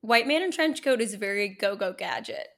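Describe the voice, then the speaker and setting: A woman from the United States co-hosting a casual chat podcast, dropping dry, quick one-liners. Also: mid-range voice, sing-song, gravelly, fairly bright tone. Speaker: podcast co-host.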